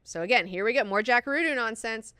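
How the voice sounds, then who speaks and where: A woman's voice: on the high side, lively intonation, fast, bright, forceful tone, clear, resonant tone, no echo, clean studio sound. A young woman hosting a book club, chatting casually and animatedly, swearing freely and acting out characters as she goes. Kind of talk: casual book discussion with read-aloud quotes.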